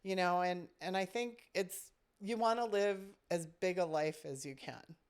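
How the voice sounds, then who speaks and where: A woman's voice: on the low side, measured pace, smooth. A woman who directs a summer camp, telling a personal story in casual podcast chat, reflective and full of "you know" fillers.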